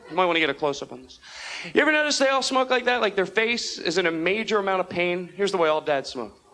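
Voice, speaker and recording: A young man doing a stand-up comedy routine on a club stage into a handheld mic, talking fast and animated and slipping into quick character voices. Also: sits high. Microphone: handheld stage microphone. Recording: old videotape with audible room noise. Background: audience laughter.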